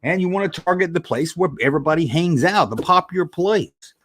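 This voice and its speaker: A man hosts a casual livestream review with a slightly high voice. He rambles from thought to thought, stopping to read messages from his viewers' chat. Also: lively intonation, fairly quick, a bit bright, slight background noise. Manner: rambling, reading chat aloud. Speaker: livestream host.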